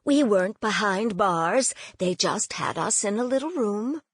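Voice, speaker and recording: Woman reading gentle older grandmother, light Norwegian accent, sing-song, slow, close and dry. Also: mid-range voice, lively intonation, breathy edge, no echo. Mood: cheerful.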